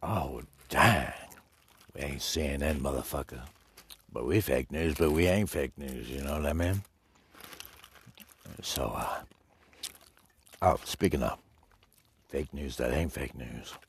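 Profane solo radio host from Detroit; very deep, husky, slow-talking man. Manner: profane, rambling, mock-insulting the audience. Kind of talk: crude rambling solo radio talk.

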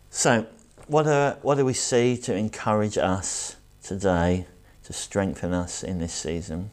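Deep-voiced man preaching a sermon. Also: steady tone, a little mellow. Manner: earnest, reflective, slows down for emphasis. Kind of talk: sermon with scripture reading.

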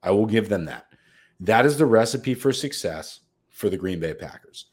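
Fairly low in pitch and darkish with a breathy edge, this man's voice has lively intonation and a moderate pace. He's an American co-host of a sports betting podcast, talking shop casually in a brash, profane, amped-up way.

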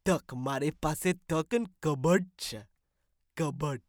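A man voicing a rambling, stoned middle-aged Indian man with a Gujarati accent who talks in slow, halting mumbles that drift toward a whisper. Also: on the high side, no room sound, close to an everyday voice. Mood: confused. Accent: Gujarati-accented English. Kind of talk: comic sketch.

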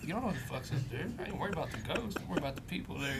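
Lively, profane man with a high voice. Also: very fast, gravelly, heavy background noise. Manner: profane, emphatic. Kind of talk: casual chat.

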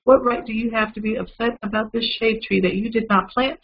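A man's voice: high voice, fairly even intonation, fairly quick, creaky, highs cut off, a little hiss or hum, voice pushed up. A man voicing God as a stern male figure who rebukes with pointed questions. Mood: rebuking.

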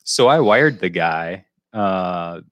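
A podcast co-host with a very deep voice tells a long, rambling story in casual chat, looping back again and again to pick up the thread. He is animated and slow-paced with a fairly bright tone, and the lo-fi sound is dry and close, with no room sound.

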